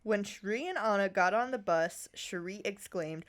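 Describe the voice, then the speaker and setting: A woman's voice: medium pitch, normal speed. A woman podcast host in casual chat, giggling as she reads her own fan fiction aloud with playful emphasis.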